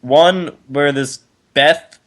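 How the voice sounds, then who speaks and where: A man's voice: fairly high pitch, extremely slow. Crude, laughing podcast co-host man. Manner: crude, laughing, swearing, mocking readings. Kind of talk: casual chat, reading posts aloud.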